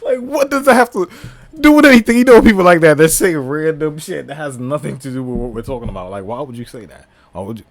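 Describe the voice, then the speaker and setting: A man hosting a reaction video, chiming in with animated, blunt, slangy commentary and frequent laughter. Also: a little high, fast talker, few pauses.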